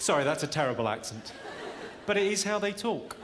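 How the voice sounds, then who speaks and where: A man performing a stand-up routine, delivering deadpan one-liners and teasing the crowd. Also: a little high, brisk. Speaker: stand-up comedian. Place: comedy venue stage. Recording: reverberant venue audio with loud crowd noise.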